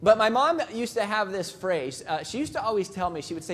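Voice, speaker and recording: Male keynote speaker, a touch high-pitched, joking storyteller at a convention mic. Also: sing-song, brisk, few pauses. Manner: storytelling, jokey, acts out voices. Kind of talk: live motivational talk.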